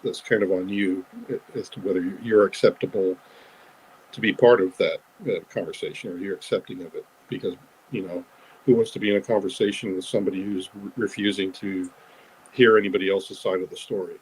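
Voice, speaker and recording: A man speaking as a guest in a live online audio room, talking in a hesitant way with many pauses and restarts. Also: sits low, steady tone, slight background noise, poor audio. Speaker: whistleblower guest. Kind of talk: casual talk in a live audio chat room.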